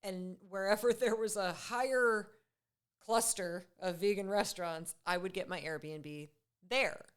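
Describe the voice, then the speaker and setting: Woman, podcast guest, casual chat, laughs easily, smooth clear voice. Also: mid-range voice, measured pace. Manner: chatty, laughs often. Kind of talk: casual conversation.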